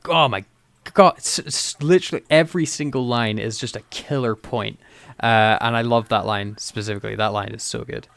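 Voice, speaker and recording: A man's voice: mid-range voice, normal speed, vocal fry, fairly bright tone. A man co-hosting a casual podcast chat, enthusiastic, laughing often and acting out quotes in character. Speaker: podcast co-host.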